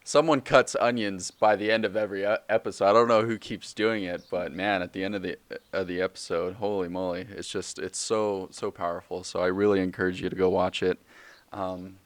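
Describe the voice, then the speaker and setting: Deep-voiced young man rambling on a podcast. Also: flat delivery, fairly quick, dry recording. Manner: rambling, joking, self-correcting with many fillers. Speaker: podcast host. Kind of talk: casual solo podcast monologue.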